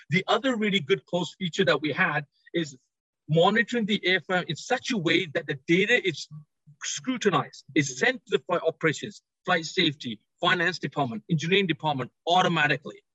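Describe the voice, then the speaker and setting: A British-accented man with a high, slightly husky voice pitches his company with eager drive. He speaks over a video call from a trade show floor, and the audio is dry and dull. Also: bright, forceful tone, no room sound. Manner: enthusiastic, rapid sales pitch. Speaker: company executive.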